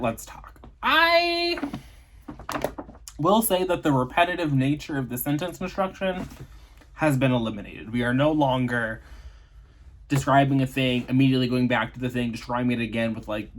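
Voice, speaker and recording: A man's voice: mid-range voice, a little hiss or hum. A man vlogging casually about a book he is reading, with sarcastic, chatty remarks and loose fillers. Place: in a vehicle on the way to work.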